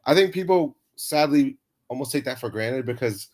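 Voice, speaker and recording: A man co-hosts a casual talk show in a middle-pitched voice. He sounds laid-back and laughs easily between his thoughts. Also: lively intonation, normal speed, darkish tone. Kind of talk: casual chat.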